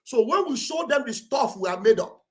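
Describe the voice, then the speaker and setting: A man speaking Nigerian English mixed with Pidgin, giving a loud, preachy livestream address with a booming voice and shouted exhortations. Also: animated, moderate pace. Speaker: livestream commentator. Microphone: streaming setup mic.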